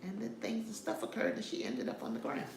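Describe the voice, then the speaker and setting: Gravelly-voiced woman vlogger, roomy echo. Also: a little high, very animated, a little fast, background noise. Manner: chatty, opinionated, talks straight to viewers. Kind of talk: casual commentary on celebrity news. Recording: roomy echo with faint ambience.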